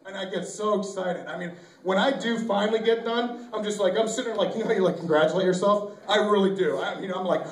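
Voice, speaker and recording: A man performing a loose, crude stand-up routine, loud and animated, shouting out voices for the bits. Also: sits high, fast, hardly any pauses. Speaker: stand-up comedian. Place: small venue with live audience. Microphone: camcorder from far off. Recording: echoey amateur video from a distance.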